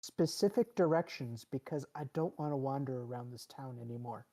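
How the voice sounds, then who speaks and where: A woman's voice: extremely low pitch, brisk, warm tone. A woman playing a tabletop game, casual and blunt, swearing freely. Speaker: player.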